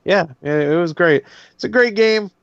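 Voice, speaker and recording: A man's voice: high-pitched, expressive, moderate pace, no room sound, highs cut off. A man co-hosting a casual chat, laughing often and swearing freely. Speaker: co-host.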